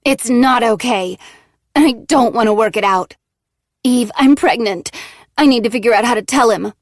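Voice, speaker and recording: A woman's voice: fairly high pitch, moderate pace, no room sound, studio quality, pitched above the performer's own voice, lightly acted. A woman voicing a volatile, unhinged woman, menacing and mock-sobbing in a storybook. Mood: venomous.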